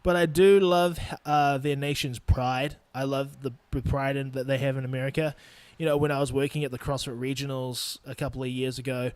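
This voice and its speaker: A man's voice: medium pitch, flat delivery, a little fast, hardly any pauses, smooth, no room sound. A young man from New Zealand with a New Zealand accent, hosting a podcast in a blunt, profane, casual rant. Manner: blunt and profane, laughing between points. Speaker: podcast host.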